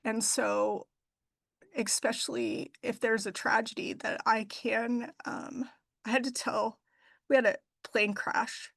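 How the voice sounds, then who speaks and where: A middle-aged woman, a funeral director, talking heartfelt about her work and faith with many pauses and fillers. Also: a little high, steady tone, gravelly, a bit bright, slightly rough, no room sound. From Idaho. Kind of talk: emotional interview talk.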